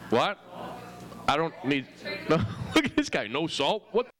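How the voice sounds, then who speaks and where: Man, stand-up comic, crude teasing crowd work, very lively pitch, loud laughing club crowd behind. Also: unhurried. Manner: teasing, crude banter with the audience. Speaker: stand-up comedian. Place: comedy club stage. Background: audience laughter.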